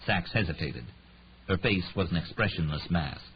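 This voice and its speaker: A man narrates an audiobook expressively, giving every character a voice. His voice sits low and he reads at a normal speed. The recording is slightly muffled with a faint hiss.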